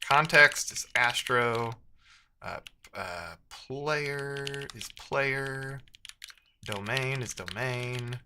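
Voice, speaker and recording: A man's voice: medium pitch, extremely slow, noisy background. A man streaming live as a programmer, thinking aloud while he codes and chatting with viewers, muttering to himself with playful asides.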